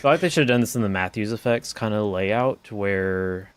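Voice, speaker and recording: A man's voice: lowish voice, normal speed, clean tone, dry recording. A man co-hosting a casual podcast, giving brief, easygoing replies with dry humor. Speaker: podcast co-host. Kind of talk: casual gear-talk chat.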